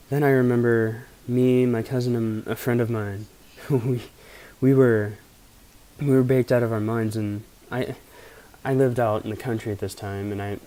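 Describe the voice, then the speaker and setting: A young vlogger from Pennsylvania, medium-pitched with a dark tone, tells rambling, profane stories. His casual storytelling is laid-back and full of anecdotes.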